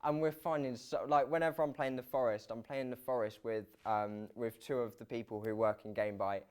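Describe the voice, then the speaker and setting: A man's voice: medium pitch, fairly even intonation, a little fast, clear, resonant tone. A young man from the UK, a presenter chatting casually with many restarts and laughs. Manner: rambling, restarts, laughs often. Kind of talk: casual chat.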